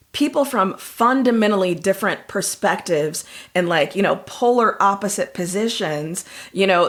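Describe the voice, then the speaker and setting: Measured, thoughtful woman podcaster. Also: on the low side. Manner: thoughtful, measured, with frequent "you know"s. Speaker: podcast co-host. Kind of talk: casual chat about a TV episode.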